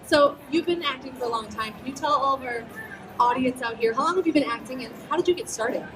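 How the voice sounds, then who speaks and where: An upbeat woman hosts a live stage interview, firing off questions at a brisk pace in a fairly high voice. She sounds distant from the microphone. Loud music plays behind her throughout.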